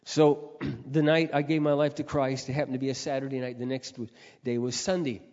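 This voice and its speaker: Preacher, male, earnest storytelling sermon that builds to loud exhortation, long reverb, muffled lo-fi sound. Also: mid-range voice, steady tone, brisk. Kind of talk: testimony sermon.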